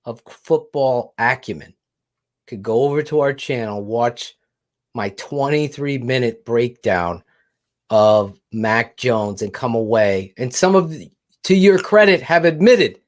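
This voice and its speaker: Young adult man, boastful sports podcast co-host, animated pitch swings, swears heatedly. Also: measured pace. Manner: brash, boastful, heated, profane. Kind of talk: casual sports talk.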